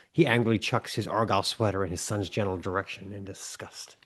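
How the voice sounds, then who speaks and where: A man's voice: low voice, steady tone, quick pace, few pauses. Wry man podcast co-host. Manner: wry storyteller, acts out yelling dads. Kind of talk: comedic podcast banter.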